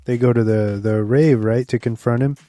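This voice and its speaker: A man's voice: mid-range voice, steady tone, normal speed, dark tone, no echo. A man co-hosting a podcast, chiming in with short agreeing remarks in casual chat. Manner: brief agreeing interjections. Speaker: podcast co-host. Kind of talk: casual film review chat.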